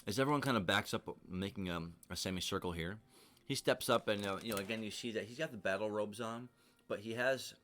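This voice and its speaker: Game master, male, lowish voice, rambling narration with fillers. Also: a bit bright. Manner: rambling, full of fillers and restarts.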